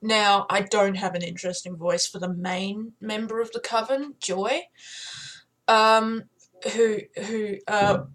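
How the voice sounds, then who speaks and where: A young Australian woman chatting casually and excitedly about the voices she does, swearing freely. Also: mid-range voice, takes it slowly. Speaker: video creator. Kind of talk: casual chat.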